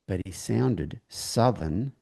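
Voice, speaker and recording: A man tells a long personal story during an interview, halting and restarting as he acts out what people said. His voice is low and dark, with a gravelly texture. The delivery is conversational. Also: animated. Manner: halting, with many restarts, acting out quoted dialogue. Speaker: horse trainer, interview guest.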